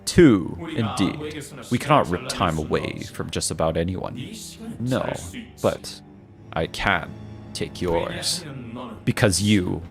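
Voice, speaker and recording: A cold, preachy villain who claims to steal people's time, as a man puts him on while reading game dialogue. He speaks slowly and loftily in a low, deep register and talks down to everyone. Faint music plays behind him. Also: lively intonation, vocal fry, full character voice. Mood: menacing. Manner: slow, lofty, condescending delivery.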